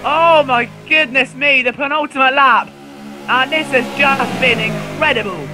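A man calls a sim race live with a very high, thin voice that climbs even higher when cars trade places. His voice is wearing hoarse from the excitement, and music runs clearly underneath him. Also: moderate pace. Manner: excitable, rising to near shouts at overtakes. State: voice going hoarse. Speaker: sim racing commentator.

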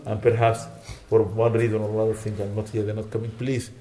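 Fast-talking fervent male sheikh preaching. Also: fairly low pitch, monotone, crowd noise. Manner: fervent, emphatic exhortation that softens into quiet prayer. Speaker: sheikh giving a weekly lecture. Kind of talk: mosque lecture and closing prayers.

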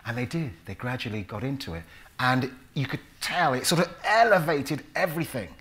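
A British actor giving an anecdotal talk to an audience, animated, acting out voices and reciting verse as he tells stories. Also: medium pitch, a little fast. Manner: animated storyteller who acts out voices and recites Shakespeare. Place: lecture hall before a live audience.

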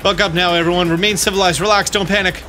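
A man's voice: high-pitched, fairly even intonation, fast, bright, forceful tone, faint music behind, pitched above the performer's own voice. A man voicing a pompous, cowardly rich male merchant, speaking in a theatrical, grandiose, fussy way.

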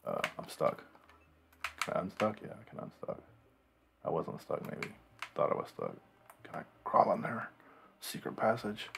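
Very deep gravelly man muttering. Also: expressive, unhurried, pauses often, slight background noise. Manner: mumbling, thinking aloud to himself. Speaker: gamer playing a game on video. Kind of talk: casual game commentary.

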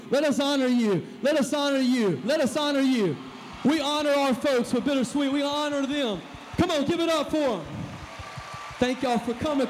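A man as a motivational speaker on stage, hyping up a live church crowd with shouted calls and responses. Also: very high-pitched, slight background noise. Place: large hall at a live event. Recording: echoey hall, live event.

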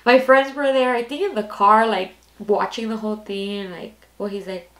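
A woman's voice: mid-range voice, fairly even intonation, moderate pace, a bit bright. A woman in her twenties telling a personal story casually, rambling and candid, with lots of "like" fillers. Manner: candid, rambling, heavy use of "like". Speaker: storytime vlogger. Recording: echoey room.

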